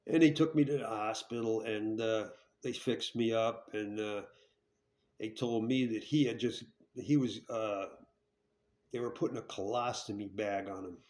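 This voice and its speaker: A man's voice: fairly low pitch, fairly even intonation, a little slow, darkish tone. A man telling a hard story from his own past in a blunt, profane way. He rambles, restarts his sentences and keeps asking "right?". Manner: checks in with tag questions. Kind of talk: candid storytelling.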